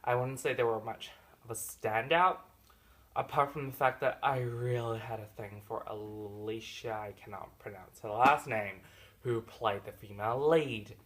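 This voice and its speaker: A man giving a casual, jokey movie review. He speaks to the actors directly in mock complaint, and his loudness and pitch swing widely. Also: fairly even intonation, normal speed.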